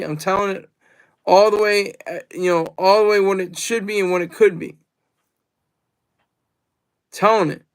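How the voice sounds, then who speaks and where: A man with a strikingly high, gravelly voice talks loosely through a livestream. He rambles, circles back to the same points and reads comments from the chat aloud. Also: a bit bright. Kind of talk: casual livestream monologue.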